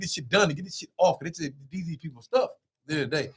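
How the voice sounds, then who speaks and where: A young man telling a road story in casual, animated talk, swearing as he goes. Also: fairly high pitch, slightly rough. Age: young adult. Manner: animated, swearing, quick rambling with loud swings. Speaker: guest.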